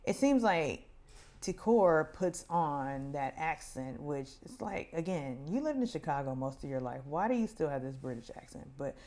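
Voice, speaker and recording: A woman hosting a casual recap of a reality show, chatty and opinionated, now and then mimicking people in a higher voice. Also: lively intonation, normal speed, a little mellow. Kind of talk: casual commentary.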